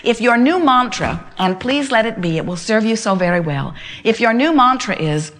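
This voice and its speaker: A woman's voice: a little high, very animated, moderate pace, a bit bright. Emphatic woman giving a motivational talk. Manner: emphatic and repetitive, speaks as "we", builds long step-by-step lists. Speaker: inspirational speaker. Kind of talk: motivational talk to a live gathering. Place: live workshop gathering.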